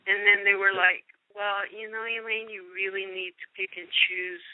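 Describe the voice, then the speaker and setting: A woman actress telling stories in a casual interview, animated, acting out quotes and laughing often. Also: medium pitch, moderate pace, phone-quality sound, slight background noise. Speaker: guest actress.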